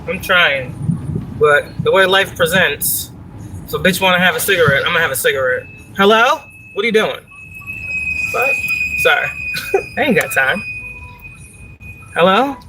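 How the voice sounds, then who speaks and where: A woman's voice: lowish voice, animated, moderate pace, long pauses, noisy background. A woman chatting casually on a live stream while driving, profane and rambling, laughing often. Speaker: spiritual vlogger. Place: in a car, driving. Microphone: phone.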